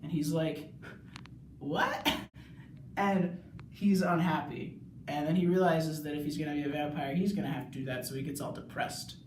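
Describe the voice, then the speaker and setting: A young male student rambling through a casual plot recap, full of "like"s, now and then yelling. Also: on the high side, fairly even intonation, a little fast, slight background noise. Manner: rambling, many "like"s, bursts of yelling. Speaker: student video reviewer. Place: bathroom. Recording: echoey bathroom, mic far off.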